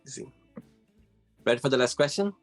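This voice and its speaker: A man's voice: medium pitch, expressive, fairly quick, soft background music. A man hosting a casual interview, asking questions with frequent hesitations and fillers. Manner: hesitant, filler-heavy phrasing. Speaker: host.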